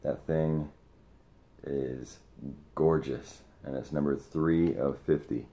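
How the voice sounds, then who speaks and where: A man opening sports card mail on camera, chatting excitedly to the friend who sent it. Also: a bass voice, slow pace, creaky. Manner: excited, talks to the sender directly. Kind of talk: casual unboxing vlog.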